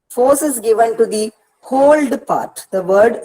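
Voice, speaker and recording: Slow, patient woman lecturing on poetry. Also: a little high, dark tone, rough recording. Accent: Indian English. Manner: slow, repetitive explaining with frequent "see" and "uh". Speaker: university counsellor teaching English prosody. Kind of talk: online counselling lecture.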